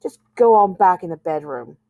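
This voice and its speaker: A woman's voice: on the low side, lively intonation, moderate pace, no room sound, narrow, tinny audio. A woman reading aloud voices a moody, self-pitying teenage girl who pleads and wails melodramatically. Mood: scolding.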